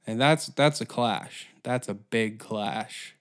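A man's voice: fairly low pitch, takes it slowly, clean tone. A man hosting a solo comedy podcast, ranting in a crude, profane, rambling way. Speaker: podcast host.

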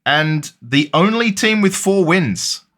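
A man's voice: sits high, lively intonation, slow, fairly bright tone. A man co-hosting a casual sports podcast, upbeat and playful. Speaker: podcast co-host.

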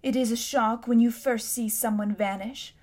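A woman reading a storybook aloud, voicing a sly, self-satisfied elderly man with a slow, coaxing manner. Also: fairly high pitch, fairly even intonation, a little mellow, natural voice. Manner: smooth, slow and coaxing, with a hint of menace.

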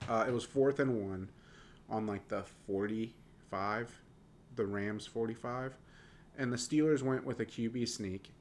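A young man with a Southern American accent, co-hosting a casual sports podcast, animated and dropping the g on his -ing words. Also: fairly low pitch, slight background noise. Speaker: podcast co-host.

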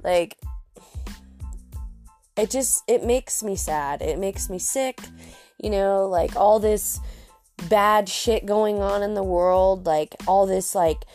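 A woman's voice: medium pitch, a little mellow, faint music behind. A young woman from Colorado hosting a podcast, talking candidly in a casual monologue full of fillers. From Colorado, USA. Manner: candid, frequent fillers, drawn-out. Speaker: podcast host.

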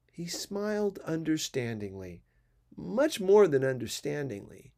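A man narrating a classic novel in a measured, even storytelling manner. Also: on the high side, creaky. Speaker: audiobook narrator. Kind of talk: literary audiobook reading.

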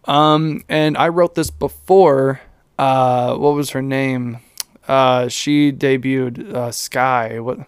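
A man's voice: mid-range voice, steady tone, takes it slowly, smooth, no room sound, studio quality. A young man hosting a casual solo podcast, rambling and cursing, with lots of fillers and self-mocking asides. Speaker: podcast host.

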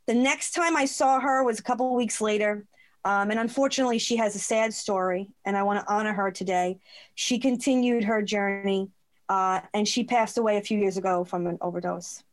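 A woman telling a personal story as a guest in a conversation, expressive and quick to laugh, acting out the voices she quotes. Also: medium pitch.

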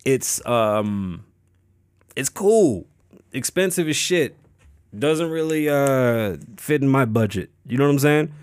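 A man's voice: medium pitch, lively intonation, slow, a little mellow, clean tone, no echo. A young man from Las Vegas hosting his own podcast, chatting casually and loosely, swearing freely and rambling with lots of fillers and restarts. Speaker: podcast host. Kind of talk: casual solo podcast chat.

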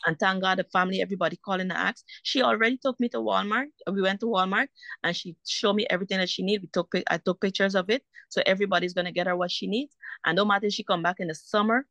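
A woman's voice: medium pitch, fast, creaky, fairly bright tone, dry recording. A woman, a mother caught in a custody dispute, telling her story in a heated, indignant way and repeating herself for emphasis. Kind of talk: emotional personal account.

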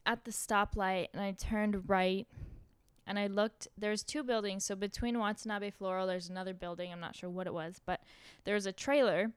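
A woman's voice: medium pitch, fairly even intonation, moderate pace, clear, resonant tone, no room sound. A woman co-hosting a podcast, telling stories in a casual, easygoing way with laughs. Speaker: podcast co-host. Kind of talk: casual chat.

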